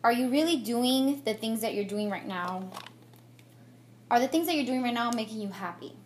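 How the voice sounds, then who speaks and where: A woman's voice: a little high, animated, normal speed, a little hiss or hum. A young woman vlogging while she does her makeup, talking candidly and reflectively with many fillers and restarts. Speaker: beauty vlogger. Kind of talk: get-ready-with-me chat. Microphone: camera mic on a tripod.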